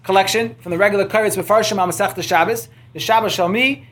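A man's voice: high-pitched, steady tone, quick pace, fairly bright tone. A man teaching a Torah class, working through printed sources, reading Hebrew quotes and translating them, with frequent restarts. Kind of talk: text-based Torah lecture.

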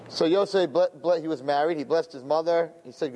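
A man with a fairly high pitch and dark tone speaks fairly quickly as he tells a religious story to a gathering. He often repeats phrases and glosses Hebrew terms in English.

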